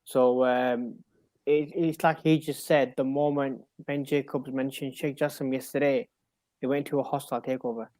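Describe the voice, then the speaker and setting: A man's voice: medium pitch, level tone, a little mellow, dry recording. A man in casual podcast chat, hesitant and restarting his sentences. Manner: hesitant, restarts, quick agreement. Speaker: podcast co-host.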